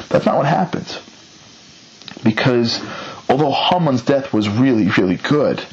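A man casually retelling a story, bringing the quoted characters to life with changes in pitch and pace. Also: muffled recording, a little hiss or hum. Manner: lively, acts out quotes with shifting pitch and pace.

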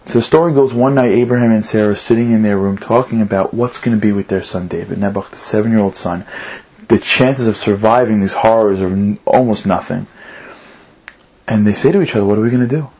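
Husky-voiced man telling a sermon story. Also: fairly low pitch, brisk, darkish tone. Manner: earnest, asks questions, rises for emphasis. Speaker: religious speaker. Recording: slightly muffled recording.

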